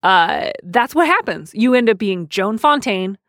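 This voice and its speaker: A woman's voice: medium pitch, animated, measured pace, fairly bright tone, no echo. A woman hosting an advice podcast from a studio, chatty and wry, laughing at her own jokes. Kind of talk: casual advice chat.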